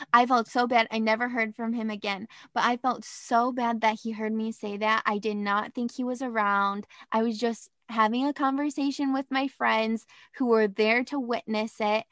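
A young woman tells a dating story in a casual, animated way, leaning on "like" and dramatic emphasis. Her voice is bright and sits a little high. The sound is dry and close. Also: dry recording.

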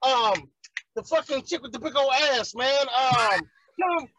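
A man's voice: very high-pitched, measured pace, pushed and bright, slight background noise, poor audio. A man, ranting heatedly and profanely in casual chat as a podcast co-host.

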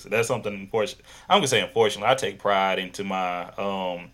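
A male podcast host with a Southern drawl and a lowish voice. He chats in a loose, rambling way, often restarting his sentences. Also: steady tone, quick pace, hardly any pauses, fairly bright tone. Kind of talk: casual interview chat.

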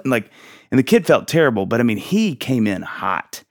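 A man in his thirties hosting a casual faith and parenting podcast, telling stories with lively acted-out quotes and frequent laughs. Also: medium pitch, a little fast, no room sound, clean studio sound. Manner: animated storyteller, acts out quotes, laughs often. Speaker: podcast host.

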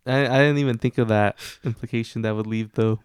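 A man's voice: mid-range voice, steady tone, a little fast, clear, resonant tone, no room sound, studio quality. A young man chatting casually about a movie as a podcast co-host, laid-back, laughing often and giving short replies. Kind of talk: casual movie review chat.

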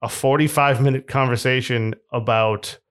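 A man's voice: medium pitch, fairly even intonation, normal speed, a bit bright, clear, resonant tone. A young man co-hosting a podcast, retelling a film plot in casual chat, laughing often and swearing freely. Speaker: podcast co-host.

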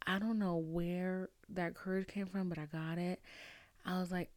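A young adult woman hosting a podcast, telling a story in an animated, profane and emphatic way and often tossing in "okay?". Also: lowish voice, moderate pace, no echo. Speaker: podcast host. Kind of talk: casual storytelling monologue.

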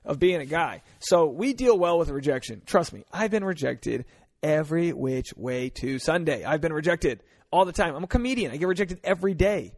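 A man's voice: on the high side, expressive, moderate pace, a little mellow. A man from Rhode Island hosting a comedic advice podcast, talking in a blunt, crude, joking way and acting out little scenes. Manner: blunt, crude, jokey, acts out voices. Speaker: podcast host.

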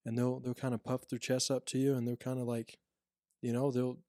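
A man's voice: medium pitch, monotone, brisk, warm tone, dry recording, clean studio sound. Man rambling through a story. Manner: rambling storyteller, many restarts and fillers. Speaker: prison officer telling work stories. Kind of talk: casual podcast chat.

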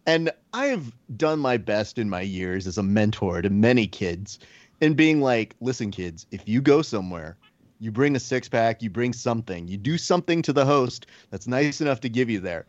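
A podcast host whose voice swings widely in pitch as he jokes and needles his guest. He swears freely and teases. The sound is dry and a little dull, with no room around it. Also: moderate pace, no room sound. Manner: animated, joking, profane. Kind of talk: casual podcast chat.

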